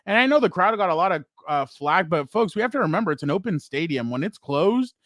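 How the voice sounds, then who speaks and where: A young man co-hosting a casual sports podcast. He tells stories with excitement, laughs as he goes, and acts out other people's lines. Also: high-pitched, fast, dry recording, clean studio sound. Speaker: podcast co-host.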